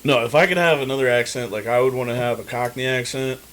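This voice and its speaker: A man's voice: medium pitch, fast talker, a bit bright. A man co-hosting a podcast in a casual chat, rambling and loose, with a lot of swearing. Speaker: podcast co-host.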